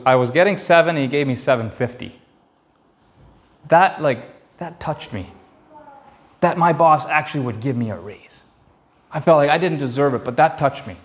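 A man in his thirties preaching to young men in church, telling a personal story and emphatically repeating key phrases. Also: fairly high pitch.

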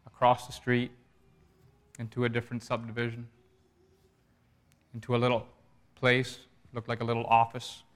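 Man, preacher, sermon, earnest pleading delivery, bright tense voice. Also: mid-range voice, clear, resonant tone.

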